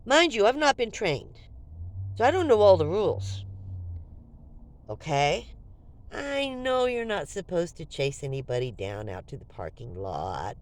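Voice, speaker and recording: An older woman vlogging, telling a story to her viewers in a casual, animated and jokey way. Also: lowish voice, unhurried.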